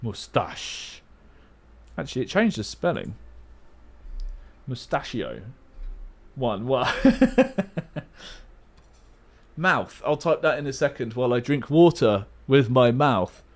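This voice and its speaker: Very animated yet slow, with frequent pauses, a young man in a mid-range voice plays a word game on his casual livestream. He mutters his guesses aloud and adds playful, self-mocking remarks.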